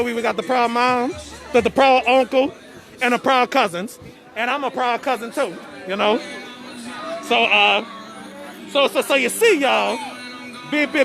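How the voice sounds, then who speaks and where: A gravelly, mid-range voice belongs to an online show host chatting live from an outdoor family party, tripping over and repeating words. The phone recording carries outdoor party noise, including music and crowd chatter.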